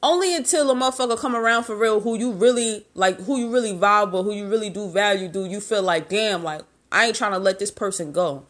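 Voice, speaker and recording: A woman's voice: mid-range voice, brisk, few pauses. A woman in her twenties hosting a podcast, talking candidly in a blunt, profane and heartfelt way. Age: 20s. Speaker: podcast host. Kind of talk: candid confessional podcast talk.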